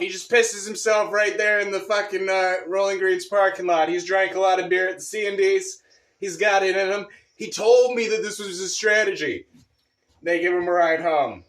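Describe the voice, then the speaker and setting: A high-voiced man spins a profane, rambling story in a comedic monologue. His voice rings out in a roomy space with noticeable echo. He talks like a storyteller from the streets, loose and full of swearing. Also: a bit bright.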